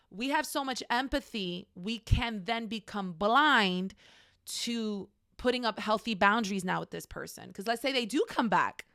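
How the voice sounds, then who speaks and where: A woman's voice: fairly high pitch, sharp tone, dry recording, clean studio sound. A woman teaching a faith-based class in a frank, conversational way, speaking straight to her listeners. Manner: acts out quoted voices.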